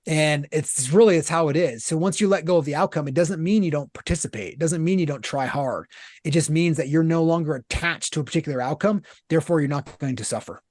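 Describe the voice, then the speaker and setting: A man in his thirties giving candid interview answers, blunt and animated, with casual swearing. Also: a little high, fast talker, dry recording, clean studio sound. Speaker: guest, author and business founder.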